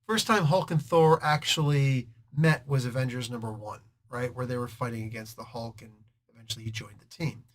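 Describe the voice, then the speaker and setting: A man's voice: medium pitch, moderate pace, hardly any pauses. A man hosting a casual comic book review, retelling the story with slang and sound effects.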